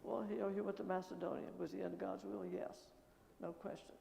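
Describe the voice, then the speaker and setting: An older woman missionary telling her story in church with lively anecdotes and quoted dialogue, recorded in an echoing church. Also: mid-range voice, fairly quick, vocal fry, slight background noise. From American Midwest. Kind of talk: testimony talk at church. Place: church sanctuary. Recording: echoey church with long reverb.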